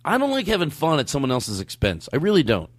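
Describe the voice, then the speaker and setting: A male podcast host telling stories in a loose, rambling way, breaking into laughter and cutting himself off mid-thought. His pitch swings widely as he talks. The studio sound is dry and close. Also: wildly swooping pitch, fast talker, no echo. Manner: rambling, laughing, self-interrupting. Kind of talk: casual comedic chat.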